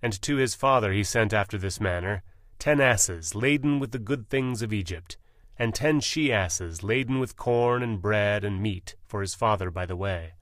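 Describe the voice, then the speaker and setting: A man narrating a scripture audiobook in a slow, measured, solemn reading style, close on the mic. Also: fairly low pitch, fairly bright tone, dry recording.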